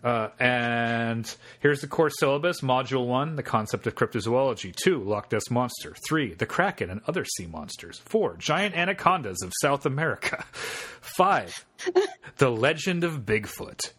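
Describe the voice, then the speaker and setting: A man co-hosting a relaxed podcast, reading out a listing and breaking off for dry, amused commentary. His voice sits at an ordinary middle pitch, and he talks in an easygoing, conversational way. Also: normal speed. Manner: reads aloud with amused, deadpan asides and laughs. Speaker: podcast co-host. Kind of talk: casual podcast chat.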